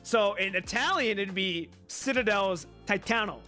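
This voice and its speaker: A man chatting casually to his viewers, rambling and thinking out loud with the odd swear. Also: high-pitched, normal speed, hardly any pauses, faint music behind. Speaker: streamer.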